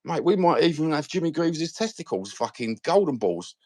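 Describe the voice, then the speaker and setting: A man's voice: a little high, big pitch swings, moderate pace, darkish tone, dry recording. A man with a Cockney accent hosting a fan live stream, rambling and swearing in slang-filled casual chat. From London. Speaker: fan channel host.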